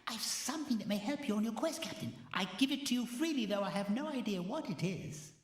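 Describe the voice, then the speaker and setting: Jolly rambling hero spirit. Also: male voice, high-pitched, animated, brisk. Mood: cheerful. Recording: echoey reverberant room.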